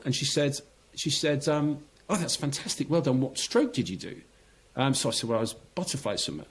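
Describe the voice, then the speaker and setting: A middle-aged man spinning a story for a podcast interview, his voice sitting at an ordinary pitch. He acts out each beat as he goes, with a chatty, lively delivery. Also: fast talker. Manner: animated anecdote teller who acts out the scene. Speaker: guest, former competitive swimmer.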